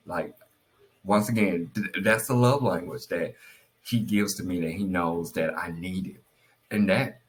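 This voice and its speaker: A man giving casual, heartfelt marriage advice, telling stories animatedly and encouraging his listeners. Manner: animated storyteller, acts out quotes in a high voice; earnest, encouraging.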